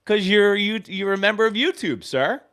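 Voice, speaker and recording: A man's voice: sits high, expressive, moderate pace, fairly bright tone, smooth, pitched above the performer's own voice. A man putting on the voice of a polite, eager young woman staffer while telling a story.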